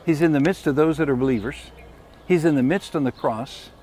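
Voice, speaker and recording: Preacher guy giving a sermon, kinda high voice, folksy, keeps asking the crowd stuff. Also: brisk, a little mellow. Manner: folksy, emphatic, asks the congregation questions.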